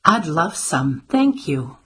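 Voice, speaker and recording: A woman's voice: sits low, sing-song, slow, pushed and bright, a little hiss or hum, heavily acted, poor audio. A woman voicing a dry, wry grandmother. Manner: dry, teasing quips. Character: wry, sharp-tongued grandmother, older woman. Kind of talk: audiobook character voice.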